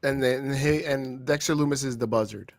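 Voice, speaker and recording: A man's voice: medium pitch, fairly even intonation, fairly quick. A man co-hosting a casual wrestling chat, laughing, teasing and arguing his point. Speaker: podcast co-host.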